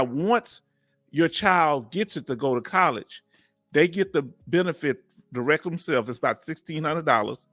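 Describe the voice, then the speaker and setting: Middle-aged male host, slightly high voice, warm and emotional, reads chat comments casually. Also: no room sound, clean studio sound. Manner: warm, emotional, talkative, Southern US vernacular. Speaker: livestream host. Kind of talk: casual live chat, reading comments aloud.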